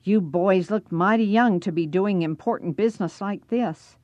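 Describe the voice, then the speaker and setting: A woman voicing a very old man with a raspy voice, asking sharp, probing questions in a storybook reading. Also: medium pitch, normal speed, no echo, highs cut off, voice pushed up, lightly acted. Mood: gruff.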